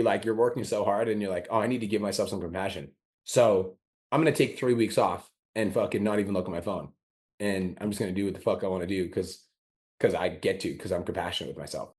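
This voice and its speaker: A man's voice: fairly low pitch, a little mellow. A man hosting a podcast, giving a blunt, profane motivational talk and acting out his own inner complaints. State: recovering from a sore throat. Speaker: podcast host. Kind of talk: motivational monologue.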